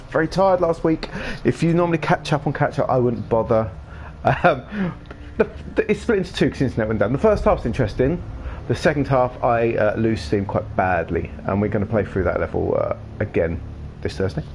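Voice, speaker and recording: A man's voice: medium pitch, animated, a little fast, a little mellow. Guy rambling on his game stream, mid voice, laughs a lot, bit of faint hiss behind. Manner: rambling, chatty, laughs often. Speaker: livestream gaming host. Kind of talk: casual chat while streaming a game.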